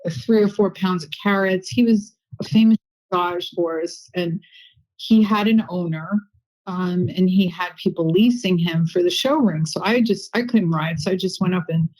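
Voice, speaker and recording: A woman's voice: fairly low pitch, normal speed, rough recording. Chatty woman telling a story. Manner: chatty, animated storytelling with many asides. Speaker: guest medium and intuitive healer. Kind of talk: casual interview storytelling.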